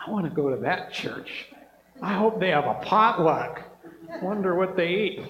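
A man's voice: a little high, unhurried. A male preacher delivering an enthusiastic, emphatic sermon, often punctuating lines with "man" and "right?". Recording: echoey hall, dull sound.

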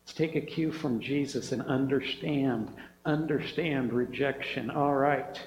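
A man's voice: mid-range voice, fairly even intonation, a little slow. A male preacher delivering an enthusiastic, emphatic sermon, often punctuating lines with "man" and "right?". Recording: echoey hall, dull sound.

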